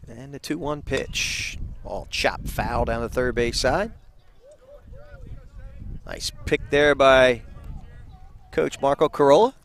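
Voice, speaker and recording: A man calling a college baseball game play by play from beside the field, easygoing and quick to laugh. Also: medium pitch, expressive, creaky, slight background noise. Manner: easygoing, laughs often with co-commentator. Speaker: play-by-play announcer. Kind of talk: live baseball commentary. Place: outdoors beside a ball field.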